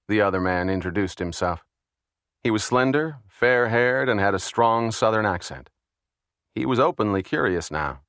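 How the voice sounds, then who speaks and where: A man reads a thriller audiobook in a steady, even manner. His voice sits on the low side. The recording is dry and close, with no room echo. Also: moderate pace. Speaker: audiobook narrator. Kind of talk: scripted thriller narration.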